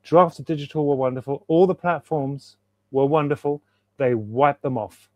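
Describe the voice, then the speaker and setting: A man's voice: on the high side, normal speed, no room sound, highs cut off. Enthusiastic man, rambling on a call. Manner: enthusiastic, rambling, repeats himself for emphasis. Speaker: guest author. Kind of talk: casual interview chat. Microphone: video call.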